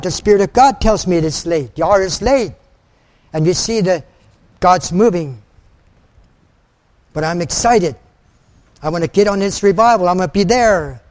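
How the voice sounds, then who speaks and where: An older male preacher with a high voice delivers a fervent sermon. He repeats his phrases for emphasis and quotes scripture in old-fashioned wording. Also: a little mellow.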